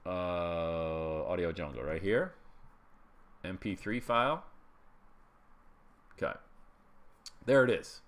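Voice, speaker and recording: A man's voice: deep voice, animated, slow, long pauses. A middle-aged man teaching a screen-share webinar, chatty and walking listeners through each step with frequent check-ins. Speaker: webinar instructor.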